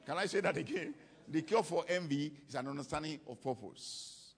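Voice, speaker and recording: A man's voice: fairly high pitch, lively intonation, moderate pace, creaky. A man preaching a sermon to a congregation, emphatic and fond of repeating his key lines for weight. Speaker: preacher teaching on ministry.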